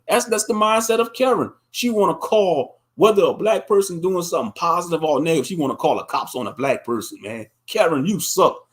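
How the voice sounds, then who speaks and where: Male streamer, high voice, very animated pitch, blunt, cussing, emphatic. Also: a little fast, hardly any pauses. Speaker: live stream host. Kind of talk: late-night commentary stream.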